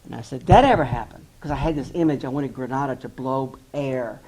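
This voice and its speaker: A man's voice: mid-range voice, a little fast. An author telling a story in an address and acting out the people he quotes. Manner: animated storyteller who acts out quoted voices. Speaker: author giving a talk.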